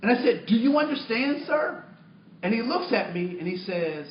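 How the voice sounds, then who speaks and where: A man giving a storytelling talk to a workshop audience as trainer, animated, acting out his own lines with many restarts. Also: very high voice, moderate pace, a little hiss or hum. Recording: distant roomy muffled room recording.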